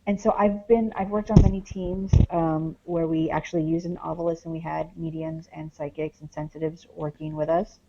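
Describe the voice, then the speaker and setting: A woman's voice: deep voice, level tone, normal speed, hardly any pauses, warm tone, lo-fi sound, a little hiss or hum. A woman, a paranormal investigator, talks casually as a podcast guest, rambling with many fillers as she tells a story. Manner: rambling, heavy on "like" and "um".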